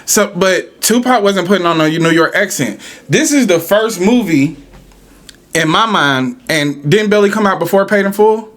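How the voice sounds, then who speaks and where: A man's voice: high voice, normal speed, fairly bright tone. A man hosting a podcast, ranting in a casual, profane, argumentative way. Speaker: podcast host.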